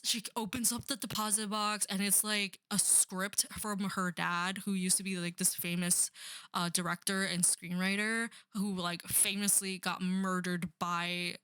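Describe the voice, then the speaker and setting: A woman's voice: mid-range voice, pushed and bright, no echo, studio quality. A young woman rambling sarcastically through a book review, full of "like" and "um". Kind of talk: casual rant about a book.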